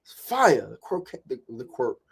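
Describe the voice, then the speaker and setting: A man hosting a show, telling a story in a casual, animated way and acting out other people's voices. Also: medium pitch, moderate pace, gravelly, breathy edge. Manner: animated, repeats "right?" and "like", acts out quoted voices. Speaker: podcast host.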